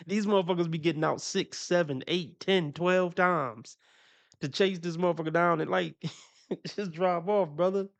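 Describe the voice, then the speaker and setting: A man streams his reactions in a relaxed, profane ramble full of chuckles. His voice sits a bit high for a man and carries a gravelly fry. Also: moderate pace. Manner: loose, profane, laughs often, talks through his opinions. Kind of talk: casual reaction commentary.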